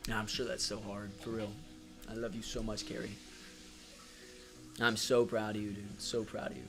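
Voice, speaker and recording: Man hosting a soft-spoken support stream. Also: on the low side, level tone, normal speed, over music. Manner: affectionate, supportive, frequent fillers; reads chat comments aloud. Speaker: livestream host. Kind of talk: casual livestream chat.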